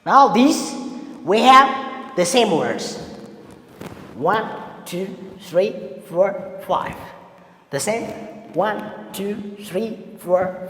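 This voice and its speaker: Slow, deliberate male teacher in an echoey room. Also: sits high, a bit bright, slight background noise. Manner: slow, deliberate, repeating key words for students. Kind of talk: classroom grammar lesson. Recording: echoey room with long reverb and faint ambience.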